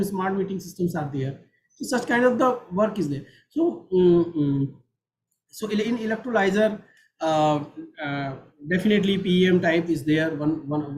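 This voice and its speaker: A man with an Indian English accent giving an online technical lecture, halting with many fillers and restarts. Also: a little high, darkish tone, low-quality recording. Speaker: guest lecturer.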